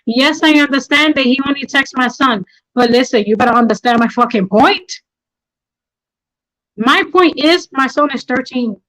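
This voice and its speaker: Over poor audio, a middle-aged woman with a high-pitched voice hosts a livestream. Her emotional talk is angry and passionate, and she repeats things for emphasis.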